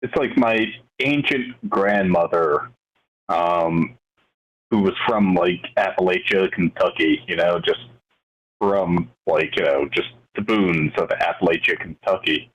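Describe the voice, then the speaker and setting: American host guy, super deep voice, lots of "like", muffled lo-fi audio. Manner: halting, many fillers like "like". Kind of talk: casual conversation. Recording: dull lo-fi audio.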